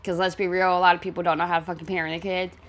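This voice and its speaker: A woman's voice: on the low side, little pitch movement, racing, fairly bright tone. A woman hosting a reaction video, ranting bluntly and with heavy profanity about a clip from a reality show.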